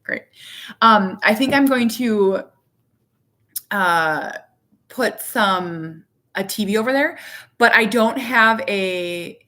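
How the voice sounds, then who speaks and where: A woman in her thirties chatting casually to her viewers from her living room, rambling and animated, with lots of "like". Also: medium pitch, takes it slowly, pauses often. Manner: rambling, heavy use of "like"; candid, animated. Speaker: vlogger, parent.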